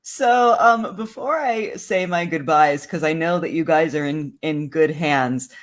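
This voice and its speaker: A woman's voice: sits low, a little slow. A tired woman hosting a livestream over a video call, playful and drawing out her words. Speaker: livestream host.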